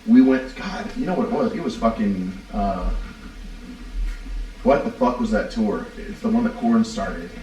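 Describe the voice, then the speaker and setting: A man in his thirties on a podcast, telling loud, profane stories and quoting people as he goes. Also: fairly low pitch, expressive, a little hiss or hum. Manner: fast, profane storytelling with quoted voices. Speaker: podcast co-host. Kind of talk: casual chat. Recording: roomy, distant mic.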